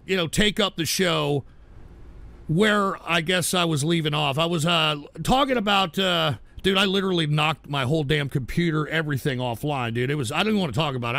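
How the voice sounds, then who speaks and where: A man hosts a live stream in a high, raspy-edged voice with a sharp, tense bite. He reads the chat and rants in a profane, irritable way, veering from low grumbles to loud outbursts. The sound is close and dry. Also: dry recording. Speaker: livestream host.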